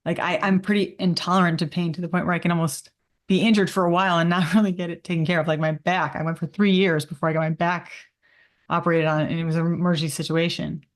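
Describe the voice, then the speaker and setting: A woman co-hosting a podcast, speaking candidly and wryly, her words at times slurring and rushing together. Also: on the low side, flat delivery. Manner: wry, candid, sometimes slurred and rushed speech. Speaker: podcast co-host. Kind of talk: casual conversational podcast talk.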